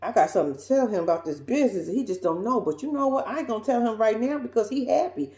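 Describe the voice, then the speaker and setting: A woman's voice: a little high, expressive, fast, mellow. A worried young woman confides that she is holding back bad news, as a woman puts her on while recapping. Her tone is anxious. The sound carries a roomy echo.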